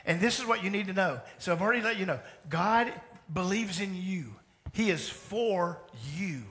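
Male pastor, slightly high voice, animated conversational sermon in a church. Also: moderate pace. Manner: animated, conversational preaching with acted-out dialogue. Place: church sanctuary.

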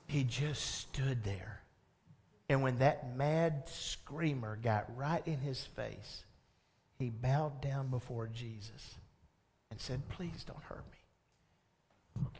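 Speaking slowly in a medium-pitched male voice, a pastor delivers a sermon full of animated storytelling. Along the way he quizzes the congregation and joins in their laughter.

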